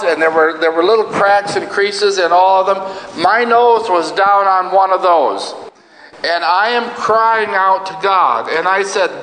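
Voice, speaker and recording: An older man preaching a sermon, telling his own story earnestly with long pauses. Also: sits high, a bit bright, a little hiss or hum. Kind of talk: sermon testimony. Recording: echoey hall, roomy sound.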